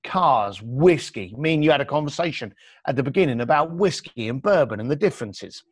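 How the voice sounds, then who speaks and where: A man's voice: medium pitch, brisk, no room sound, clean studio sound. A man, a podcast guest, talking bluntly and acting out other people's lines. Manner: blunt, animated storyteller who acts out quotes. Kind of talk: podcast interview.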